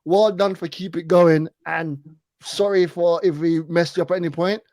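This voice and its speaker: High-voiced podcast guy, dry close sound, laughy banter, acts out what he said. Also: steady tone, normal speed, a little mellow, no room sound. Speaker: podcast co-host. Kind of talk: casual podcast chat.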